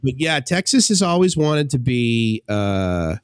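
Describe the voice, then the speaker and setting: A man's voice: medium pitch, very animated, a little slow, smooth, no echo. A man hosting a radio show in casual chat, telling long rambling stories and acting out the people he quotes. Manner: rambling storyteller, acts out quoted voices. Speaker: radio host.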